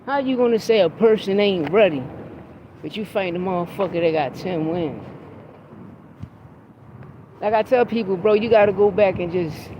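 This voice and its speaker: Blunt, profane man over loud background noise. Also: high voice, normal speed, pauses often, low-quality recording. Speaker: podcast host. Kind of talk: casual opinionated sports talk.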